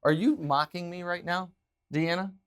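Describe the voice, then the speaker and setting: A man with a slightly raised pitch hosts a sports talk show from a studio. He argues his opinions emphatically and animatedly, moving between punchy assertions and drawn-out, measured points. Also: steady tone, a bit bright, smooth.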